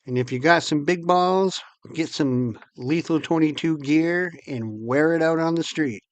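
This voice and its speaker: A man's voice: a little high, a little slow, dry recording. A man ranting angrily and profanely to his viewers as host of his channel. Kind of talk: angry monologue to camera.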